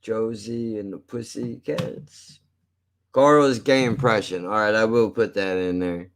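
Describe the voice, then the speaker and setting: A man's voice: on the low side, a little slow. A man from South Jersey with a South Jersey accent, chatting loosely and with swearing on a live stream. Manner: loose and profane, talks to chat. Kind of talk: casual live-stream chat.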